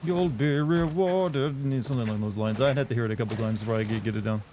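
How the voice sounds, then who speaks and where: A man's voice: fairly low pitch, steady tone, rapid-fire, darkish tone, a little hiss or hum. A man chatting casually while streaming a game, rambling and answering his chat. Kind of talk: casual let's-play chat.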